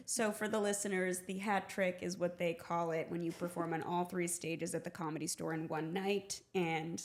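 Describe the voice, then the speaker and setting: A woman's voice: lowish voice, fairly even intonation, moderate pace. A young woman hosting a podcast, chatting casually, joking, swearing freely and laughing often. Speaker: podcast host. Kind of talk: casual chat.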